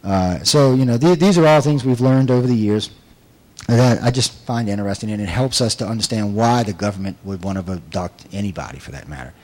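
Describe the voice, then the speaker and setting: Man, low-pitched, casual audience talk, rambling and emphatic with many restarts. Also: brisk, darkish tone, low-quality recording. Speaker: abduction researcher and regression investigator.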